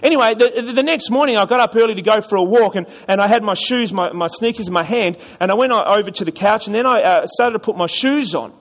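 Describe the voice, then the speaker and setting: A man's voice: high voice, quick pace, hardly any pauses. A man preaching a sermon to a congregation, chatty and storytelling, often repeating words and asking the audience questions. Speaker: pastor. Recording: long hall reverb.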